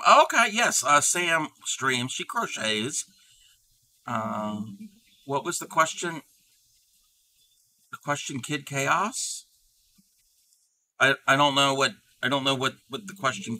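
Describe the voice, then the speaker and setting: A man's voice: mid-range voice, sing-song, takes it slowly, long pauses, sharp tone. A man hosting a crafting livestream in casual, rambling chat, reading and answering his chat aloud. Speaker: livestream host.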